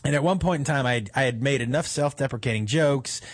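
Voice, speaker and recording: A man hosting a talk show, telling comic stories in a profane, animated way and laughing through them. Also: mid-range voice, fast. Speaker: host. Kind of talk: comedic storytelling on a talk show.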